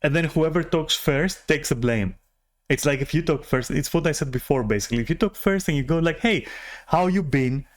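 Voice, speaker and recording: A man's voice: on the high side, fairly quick. A man vlogging a rambling personal rant, frustrated and profane, often restarting his sentences.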